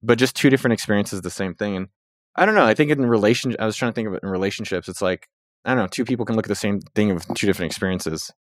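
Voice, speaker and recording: A man in his thirties hosting a casual podcast chat, telling stories in an animated way and jumping up in pitch when he quotes people. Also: rapid-fire, no echo. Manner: animated storytelling, jumps up in pitch when quoting. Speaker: podcast host.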